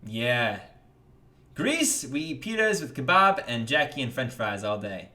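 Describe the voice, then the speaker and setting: Young american guy streaming, chatty and upbeat, reading chat, bright voice. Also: big pitch swings, unhurried. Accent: General American. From United States. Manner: upbeat, jumps in pitch when greeting chatters. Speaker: livestream host. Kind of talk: casual livestream chat reading donations.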